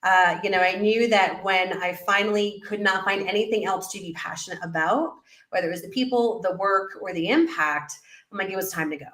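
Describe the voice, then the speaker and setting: A middle-aged woman sits as a guest on an interview, talking about her coaching work. She tells her story with animation and slips into lively quoted voices of her past self. Her medium-pitched voice carries a noticeable room echo. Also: a little fast. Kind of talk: conversational interview.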